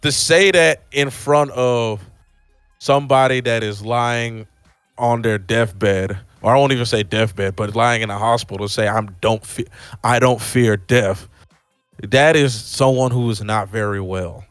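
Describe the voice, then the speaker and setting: A man co-hosting a casual movie review podcast, talking in an excitable, animated way. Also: mid-range voice, unhurried, clean tone, dry recording, soft background music. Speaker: podcast co-host.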